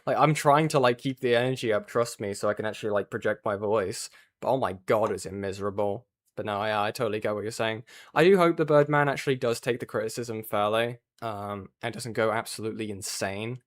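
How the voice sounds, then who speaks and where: A man's voice: lowish voice, steady tone, brisk. A man hosting a livestream, chatting casually about online drama with lots of filler words. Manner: casual, chatty, says like a lot. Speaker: stream host.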